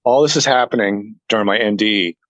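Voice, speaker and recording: A man telling a personal story to an interviewer in a casual chat, earnest and animated, acting out what others said. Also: on the low side, fairly quick, no echo, muffled recording. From family heritage is Norwegian. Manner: earnest, animated retelling that acts out other people's lines. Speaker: interview guest.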